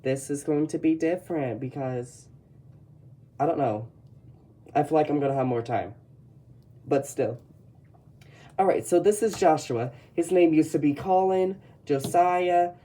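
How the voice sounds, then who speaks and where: A speaker with a Texan accent casually tours their old sketchbook, talkative and meandering, often going back to correct themselves. Their mellow, medium-pitched voice moves a little slowly, with long pauses.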